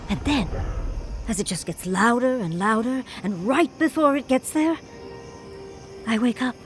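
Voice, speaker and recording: A woman's voice: on the high side, measured pace, faint music behind, natural voice. An actress voicing a furred female adventurer companion in a video game, with a wry, teasing manner that tosses out darling and dear. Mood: uneasy. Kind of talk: video game character dialogue.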